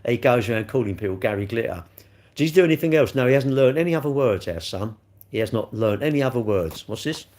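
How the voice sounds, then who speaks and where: A man's voice: mid-range voice, lively intonation, fast, a little mellow. A man rambling and joking as he answers chat comments on a live stream. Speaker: livestreamer reading chat.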